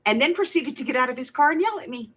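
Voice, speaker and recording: A middle-aged woman with a high voice talks fast while hosting a crafting livestream. She chats casually with her live viewers, greeting them by name, and tells stories in an animated way, laughing often.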